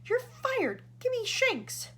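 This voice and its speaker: A woman voicing a frantic, bossy male ground controller who yells orders. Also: very high-pitched, huge pitch swings, slow pace, slight background noise, voice pushed up, full character voice. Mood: frantic shouting. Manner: yelling, bossy.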